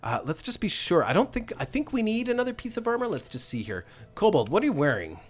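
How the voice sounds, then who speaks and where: A man narrates his own gameplay as he goes, thinking out loud and often correcting himself mid-sentence. His pitch swings widely from low mutters to high exclamations. Faint game music plays underneath. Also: huge pitch swings, quick pace. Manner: thinking aloud, rambling, self-correcting. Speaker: gameplay channel host. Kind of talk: let's play commentary.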